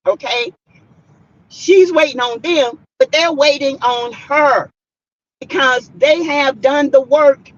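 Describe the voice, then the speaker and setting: A middle-aged woman with a Southern US accent, chatting casually on a live stream and reading viewer comments aloud, emphatic and animated when telling stories. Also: a little high, highs cut off. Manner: emphatic, animated storytelling with loud bursts. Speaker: vlogger reading live chat.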